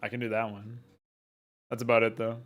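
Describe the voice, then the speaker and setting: While modding a game on stream, this man talks briskly in a level, mid-range voice. The chat with his viewers is casual and relaxed, with plenty of laughter and offhand swearing.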